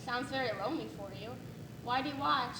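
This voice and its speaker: An actress playing a curious young woman who asks quick, probing questions. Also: high-pitched. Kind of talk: stage play. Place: echoey theater stage. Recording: echoey stage recording with background noise.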